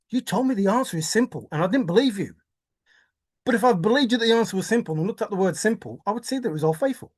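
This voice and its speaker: Theatrical woman with a swooping voice. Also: mid-range voice. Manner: theatrical, exclaiming, mock-despairing, repetitive. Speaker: treasure hunt video maker. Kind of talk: excited solo monologue.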